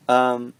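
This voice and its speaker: A man talking casually to the camera in a vlog, rambling with lots of fillers and acting out little conversations. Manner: rambling, heavy on fillers, acts out little dialogues; swings between lively bursts and soft murmurs. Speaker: vlogger.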